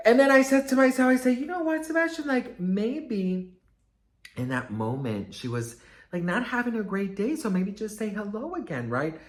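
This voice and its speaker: Animated man telling a chatty story. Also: high-pitched, moderate pace. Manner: chatty and expressive, acts out quotes, many fillers. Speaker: vlogger and storyteller. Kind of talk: casual storytelling to camera.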